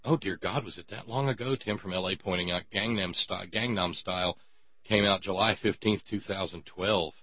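A man's voice: low voice, moderate pace, breathy edge, no echo, lo-fi sound. A man hosting a talk radio show, giving sarcastic commentary with sighs and stammered repeats.

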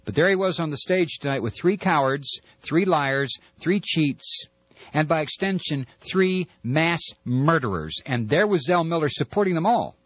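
A man's voice: fairly high pitch, lively intonation, moderate pace, husky, dry recording. Heated man on lo-fi radio. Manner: impassioned, stammering, sarcastic. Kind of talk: political rant monologue. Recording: dull lo-fi recording.

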